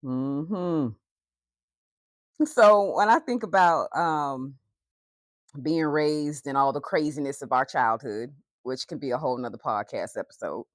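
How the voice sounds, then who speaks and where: A woman hosting a podcast, asking questions and encouraging her guest with quick, supportive replies. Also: rumbling low, dry recording, clean studio sound. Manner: warm, encouraging interviewer, quick affirmations. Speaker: podcast host. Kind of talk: casual podcast chat.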